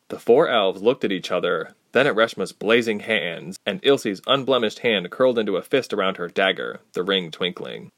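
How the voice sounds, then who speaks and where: A man narrating a fantasy storybook aloud, expressive and acting out each character. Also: low-pitched, normal speed, few pauses, no room sound, clean studio sound.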